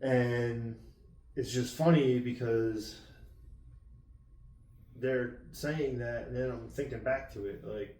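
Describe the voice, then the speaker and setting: A man's voice: medium pitch, steady tone, slow pace, pauses often, darkish tone. A man co-hosting a podcast in casual banter, laughing often and swearing freely. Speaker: podcast co-host. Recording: roomy sound, distant mic.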